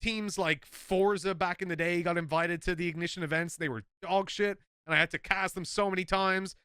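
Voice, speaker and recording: Irish caster, bright forceful tone, dry close mic, blunt and sweary. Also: male voice, sits high, steady tone, fairly quick, clear, resonant tone, no echo. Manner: blunt, frequent swearing, emphatic rants. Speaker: esports caster. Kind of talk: casual podcast chat.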